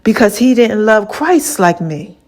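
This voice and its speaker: A woman hosting her own podcast, telling a personal story in a chatty, animated way, acting out both sides of old conversations and calling her listeners baby and child. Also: mid-range voice, unhurried. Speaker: podcast host. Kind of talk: casual storytelling monologue.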